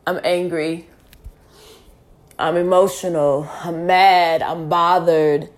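A weary woman speaking a slow, deliberate, heavy lament in a spoken-word style. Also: on the low side, little pitch movement.

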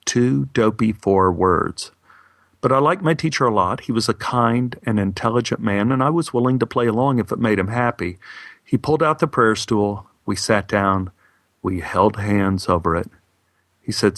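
A man's voice: lowish voice, moderate pace, a bit bright, no echo, studio quality. A man from Texas telling a first-person story in a wry, matter-of-fact way. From Texas, USA.

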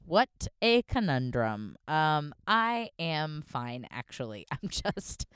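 A young woman hosting a solo podcast from her car, a little hoarse, rambling and self-deprecating with lots of fillers. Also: sits low, big pitch swings, takes it slowly, a bit bright, no room sound, studio quality. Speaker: podcast host. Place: in a parked car.

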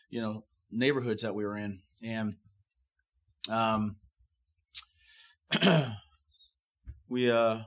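A middle-aged man, a fire captain, recounting an evacuation with many fillers and restarts, sometimes acting out the voices of others. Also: mid-range voice. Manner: acts out quoted voices of others.

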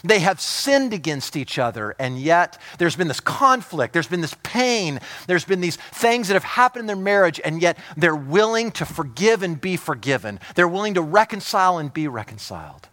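A man's voice: high-pitched, sing-song, moderate pace, few pauses. Emphatic man preaching a sermon. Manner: emphatic, swinging from loud urgency to hushed intimacy; repeats words and restarts when fired up. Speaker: pastor.

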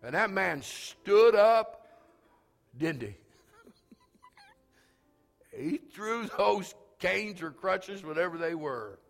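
A pastor preaching a sermon, telling a story that swells into shouted calls to the congregation. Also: male voice, sits high, animated, drawn-out words, vocal fry, long pauses, in a large hall, faint music behind. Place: church sanctuary.

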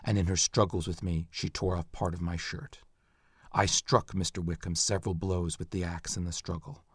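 A man reading aloud, in a quiet, subdued voice, the confession of a convicted axe murderer from the 1800s. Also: deep voice, steady tone, normal speed, husky, no echo, clean studio sound, pitched below the performer's own voice. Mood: grim.

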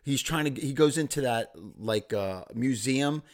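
A man's voice: mid-range voice, measured pace. A man in a casual chat about a TV show, laughing and finishing his co-host's sentences. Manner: laughing, jumps in to finish the other's lines. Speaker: podcast co-host.

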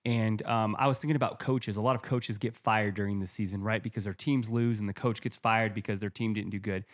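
A man co-hosting a casual podcast, talking in an energetic, conversational way and drawing sports comparisons. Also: lowish voice, fairly quick.

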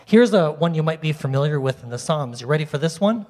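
Male preacher, chatty and animated with the congregation, slightly high pitch, recorded in a big echoing hall. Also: quick pace. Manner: animated, conversational, talks directly to the congregation. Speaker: pastor. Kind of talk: sermon. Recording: long reverb of a large hall.

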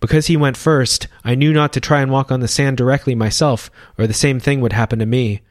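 A bright, eager young boy castaway, raised a little higher and earnest in his telling, as a male storyteller puts him on. The sound is close and dry, with no room around it. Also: steady tone, a little fast, no room sound, lightly acted.

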